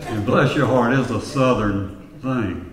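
A male pastor preaching a sermon, telling stories in a measured way with quiet reflective asides. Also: mid-range voice, distant mic, music in the background. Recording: echoey hall with long reverb.

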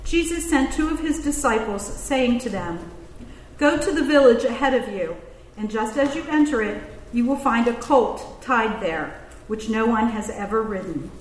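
A woman giving the scripture reading at a church service in a measured, clear way. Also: fairly high pitch, reverberant, big-room sound, slight background noise, poor audio. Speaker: scripture reader.

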